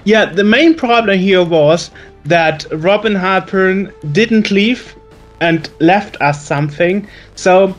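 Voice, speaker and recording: A man with a German accent speaks with a high voice as a guest. He reminisces in a chatty, storytelling way and stumbles over words now and then. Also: slow, faint music behind. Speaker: guest, magazine editor. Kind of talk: casual reminiscing.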